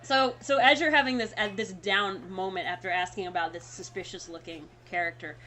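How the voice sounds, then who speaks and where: A woman's voice: mid-range voice, steady tone, brisk, pushed and bright. A woman narrating as game master of a tabletop game, casual and laughing as she goes.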